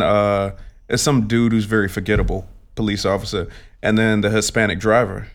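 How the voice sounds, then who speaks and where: A man in casual chat, animatedly telling a profane story. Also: fairly low pitch.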